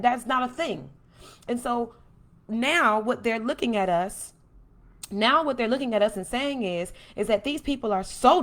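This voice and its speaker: Woman host, preachy and emphatic monologue, slightly high voice. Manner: blunt, emphatic, preachy, profane; builds from calm to loud and emphatic. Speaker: podcast host. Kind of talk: impassioned monologue.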